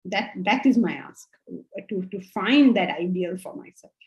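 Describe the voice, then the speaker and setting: A woman's voice: mid-range voice, lively intonation, a little slow, highs cut off. A woman teaching a spiritual class, explaining patiently and often checking that students follow. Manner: explanatory, checks understanding with questions. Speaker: Vedanta teacher.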